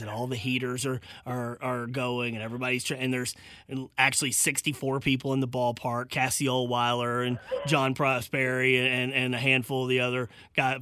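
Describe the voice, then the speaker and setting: A man's voice: medium pitch, bright, forceful tone, dry recording, clean studio sound. A man hosting a casual radio sports talk show, chatty and self-deprecating, often restarting his sentences.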